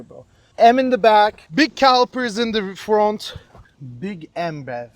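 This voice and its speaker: A man's voice: high-pitched, slight background noise. A man in his twenties reviewing a car in a casual, joking way, full of slang like "bro".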